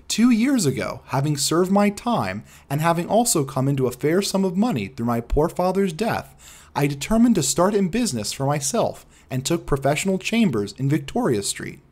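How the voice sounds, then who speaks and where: A man's voice: fairly high pitch, darkish tone. A man doing a young earnest engineer. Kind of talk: audiobook character reading.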